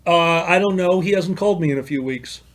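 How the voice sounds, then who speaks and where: A man's voice: high voice, a little fast, slight background noise. A man in casual chat on a stream, joking in a dry way.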